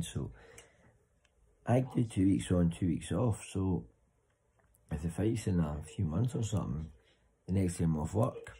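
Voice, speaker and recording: A man's voice: low voice, lively intonation, a little slow, long pauses, dark tone, a little hiss or hum, rough recording. A man vlogging to camera in a rambling, sweary, joking way. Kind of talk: casual chat to camera.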